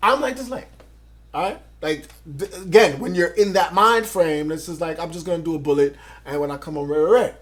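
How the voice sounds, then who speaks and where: Animated storytelling man from Grenada. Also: on the high side, fairly quick. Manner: animated, acts out quotes, loud and excited. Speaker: interview guest. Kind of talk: storytelling in a casual interview.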